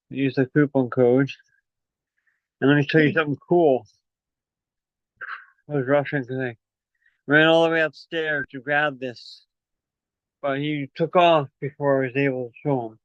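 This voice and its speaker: A man's voice: fairly high pitch, no room sound. Breathless man rambling on a stream. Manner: rambling, chatty, plugging merch. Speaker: livestream host. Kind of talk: casual livestream chat. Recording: dull lo-fi call audio.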